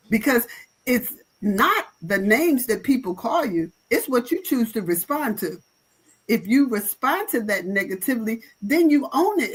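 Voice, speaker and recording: Husky-voiced woman pastor, emphatic. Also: on the high side, low-quality recording. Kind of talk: panel talk with preaching flavor.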